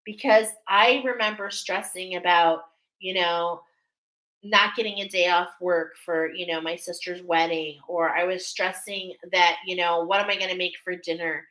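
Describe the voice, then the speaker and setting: A woman's voice: fairly low pitch, steady tone, normal speed, rough recording. A middle-aged woman, a former nurse, giving a live oracle reading in an emotional, soothing way. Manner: emotional, soothing, drops to soft whispers at times. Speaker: oracle card reader.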